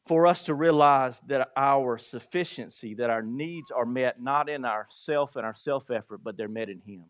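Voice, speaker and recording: A male pastor giving a sermon in a conversational way, asking the congregation rhetorical questions and chuckling between points. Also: medium pitch.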